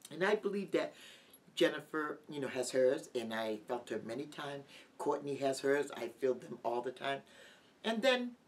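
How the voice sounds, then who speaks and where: A middle-aged woman giving a heartfelt personal testimony as an interview guest, halting and full of restarts. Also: a bass voice, very animated. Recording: distant mic with light background noise.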